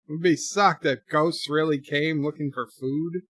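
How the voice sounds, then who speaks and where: A man's voice: on the high side, steady tone, moderate pace, a bit bright, slightly rough, no room sound. A man hosting a live movie rewatch, chatting and reading viewer comments aloud as he reacts.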